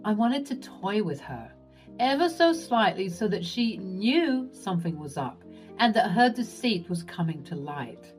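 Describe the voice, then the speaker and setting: A woman narrating a first-person story in an expressive, lively way. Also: medium pitch, a little slow, soft background music.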